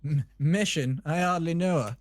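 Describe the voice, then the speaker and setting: A man's voice: a little high, normal speed. Rambling jokey man, southern English accent. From southern England. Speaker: streamer. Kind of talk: casual gaming chat.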